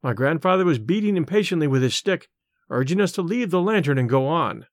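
A man narrating an audiobook in a measured, expressive way. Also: on the high side, no room sound, studio quality.

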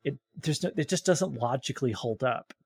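A young American man co-hosting a podcast, telling animated stories about church culture with many restarts. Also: mid-range voice, brisk, breathy edge, no room sound. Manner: animated storyteller, frequent restarts. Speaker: podcast co-host.

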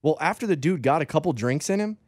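A man co-hosting a podcast, telling an animated story in a casual chat and speaking to listeners directly. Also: a little high, quick pace, dry recording, studio quality. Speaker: podcast co-host.

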